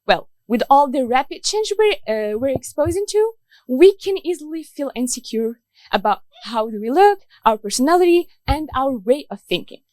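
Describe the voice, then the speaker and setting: A woman's voice: high voice, lively intonation, moderate pace, darkish tone, dry recording, low-quality recording. A young woman from Morocco giving an earnest debate speech, using rhetorical questions. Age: young adult. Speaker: student debater.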